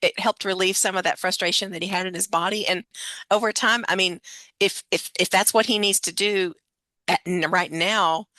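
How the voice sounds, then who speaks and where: Bright-voiced woman explaining in a dry room. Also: lowish voice, fairly even intonation, normal speed, no room sound. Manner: explanatory, talks through examples. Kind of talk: conversational presentation.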